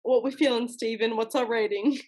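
A woman co-hosts a loose, joking chat in a fairly high voice with a slight huskiness. She talks in a playful, giggly way and makes fun of herself. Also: steady tone, fairly quick, a little mellow, husky. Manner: playful, giggly, self-mocking. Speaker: co-host. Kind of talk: casual chat.

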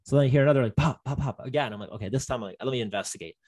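A young man talking casually, full of "like" and self-corrections, at an average pitch for a man. He tells the story loosely, rambling and piling up fillers. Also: racing, darkish tone. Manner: rambling, many fillers and restarts. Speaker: guest telling a story. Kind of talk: casual chat.

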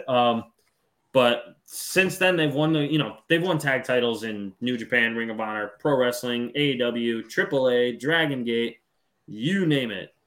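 A man co-hosting a wrestling podcast, talking in a relaxed, rambling way with frequent ums. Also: medium pitch, a little slow. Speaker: podcast co-host. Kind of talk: casual wrestling podcast chat.

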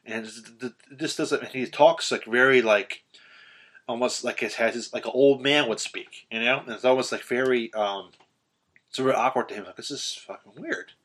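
A man's voice: mid-range voice, normal speed, fairly bright tone, breathy edge. A young man in a casual chat about a film, rambling with lots of fillers and swearing freely. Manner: rambling, profane, many fillers.

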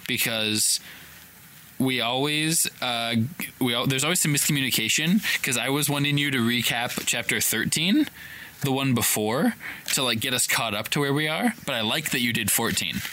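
A man's voice: medium pitch, expressive, moderate pace, pushed and bright. A man co-hosting a casual podcast chat, playful and teasing, often laughing. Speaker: podcast co-host.

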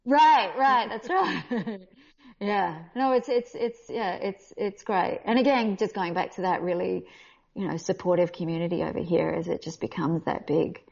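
Australian actress, husky and gravelly, candid and animated, recorded on dull lo-fi audio. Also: female voice, mid-range voice. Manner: candid, animated, quick to laugh. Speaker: voice actor guest. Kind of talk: casual interview talk.

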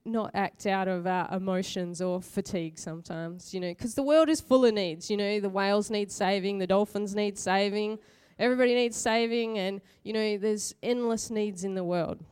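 A woman's voice: mid-range voice, normal speed, darkish tone, smooth. A middle-aged woman preaching a conversational sermon full of personal stories. She chats, laughs often and pokes fun at herself. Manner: chatty, laughs often, self-mocking.

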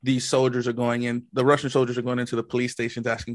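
A man's voice: medium pitch, flat delivery, fast talker, no echo, studio quality. A man co-hosting a podcast, rambling casually and acting out little quotes as he tells stories. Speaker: podcast co-host. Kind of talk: casual chat.

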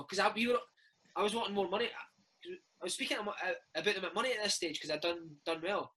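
A man's voice: sits high, fast, sharp tone, husky, poor audio. A Scottish man in his thirties, a former footballer telling stories in a casual interview, dropping "mate" and "eh" all the time. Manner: chatty, peppers speech with "mate" and "eh".

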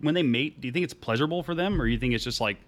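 A young man hosting a casual podcast, animated and rambling, with frequent restarts. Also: medium pitch, very fast. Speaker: podcast host.

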